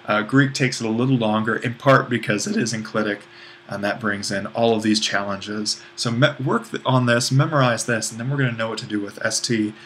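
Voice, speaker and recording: A man's voice: on the low side, steady tone, brisk, a bit bright, slight background noise. A man teaching a recorded online grammar lesson, explaining step by step in an informal way with frequent restarts and fillers. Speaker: Greek language instructor.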